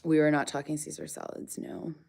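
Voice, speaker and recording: A woman's voice: low voice, flat delivery, brisk, gravelly, darkish tone, breathy edge. A woman hosting a casual farm livestream, chatting with viewers and coaxing her animals in a sing-song.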